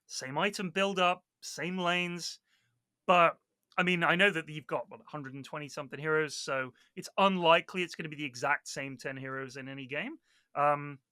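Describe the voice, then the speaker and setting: A man talks casually on a podcast, swearing often as he tells his stories. His voice sits high and sounds very bright, recorded dry and close. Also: moderate pace, clear, resonant tone, no room sound. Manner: animated storyteller, swears a lot, mimics other players. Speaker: guest.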